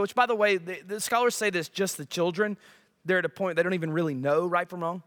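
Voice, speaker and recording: A pastor delivers a sermon in a high-pitched voice at a brisk clip. He's animated and jokey, frequently throwing questions out to the congregation.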